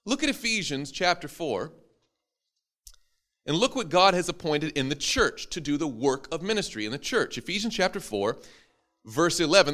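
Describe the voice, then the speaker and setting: A man's voice: a little high, fairly bright tone. A man, a preacher, teaching an interactive Bible class to a live audience, joking and quizzing them as he goes.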